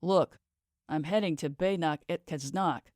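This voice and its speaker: A man's voice: a little high, a little slow, a little mellow, no room sound, clean studio sound, natural voice. A woman voicing a carefree young backpacking musician in his twenties who talks in a breezy, teasing way, in a storybook reading. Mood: easygoing. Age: 20s.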